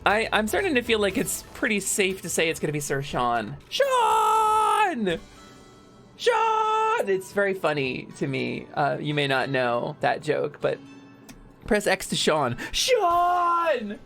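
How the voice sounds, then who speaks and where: A young woman streaming a video game, chatting casually with her viewers, joking around and yelling playful bits. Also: deep voice, normal speed, vocal fry, faint music behind. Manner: animated, joking, shouts bits and laughs often.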